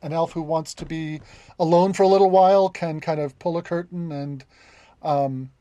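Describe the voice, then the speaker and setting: A woman's voice: low-pitched, fairly even intonation, normal speed, dark tone, no room sound. A woman running a tabletop game as game master, narrating with many stops and restarts. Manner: hesitant, many restarts and fillers.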